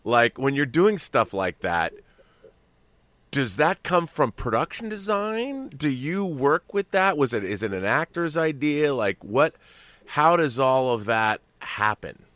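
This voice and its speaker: A man's voice: medium pitch, very animated, a little slow, fairly bright tone, dry recording. A man hosting an interview podcast, asking curious questions and searching for his words as he goes. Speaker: podcast host.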